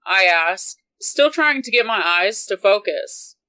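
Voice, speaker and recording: A woman reading a romance novel aloud in an unhurried, even manner. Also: mid-range voice, low-quality recording. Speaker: audiobook reader.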